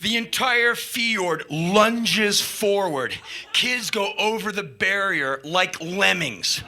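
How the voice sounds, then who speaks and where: Male spoken-word performer, high and very bright, swings wildly in pitch, swears freely, punctuates with shouted bangs. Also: slow pace. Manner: animated, profane, shouted sound effects. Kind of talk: live spoken-word storytelling. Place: live stage before an audience.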